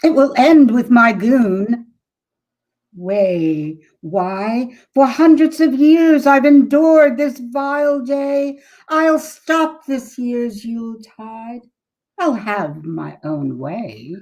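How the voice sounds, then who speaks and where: A man voicing a haughty, scheming old female witch in a dramatic reading of a rhyming tale, with a shrill, cackling, gloating delivery. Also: lively intonation, drawn-out words, a little mellow, dull audio, full character voice.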